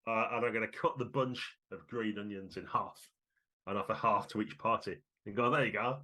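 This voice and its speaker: A man playing a halfling character in a tabletop game, playful and quick to laugh. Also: fairly low pitch, steady tone, bright, forceful tone. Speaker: player. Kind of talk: describing his halfling character.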